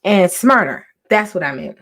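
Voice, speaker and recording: A woman hosting a casual livestream from home, talking softly with many ums and restarts. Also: medium pitch, sing-song, normal speed. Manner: soft, half-whispered talk with many ums and restarts. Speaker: livestream host.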